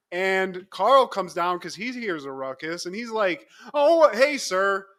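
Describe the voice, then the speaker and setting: A man co-hosting a podcast recaps a sitcom episode in casual, animated chat. His voice sits high and sounds bright and forceful. He keeps acting out the characters' lines and laughing along. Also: takes it slowly. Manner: animated storyteller, acts out lines, laughs often. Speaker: podcast co-host.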